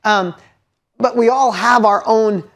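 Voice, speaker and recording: A man's voice: sits high, takes it slowly, fairly bright tone, a little hiss or hum. A middle-aged man giving a motivational talk to a live audience, emphatic, repeating key lines and putting questions to the listeners. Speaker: motivational speaker.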